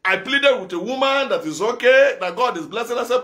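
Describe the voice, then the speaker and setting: Male evangelist, very high and bright tone, impassioned sermon with shouted repeats. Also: animated, fairly quick, hardly any pauses. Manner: impassioned, repetitive, bursts of shouting. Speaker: evangelist preacher.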